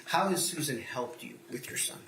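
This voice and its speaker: A man's voice: a little high, moderate pace, a bit bright. A man acting as an attorney, questioning a witness in court with formal, leading yes-or-no questions. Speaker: defense attorney. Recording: echoey courtroom with faint noise.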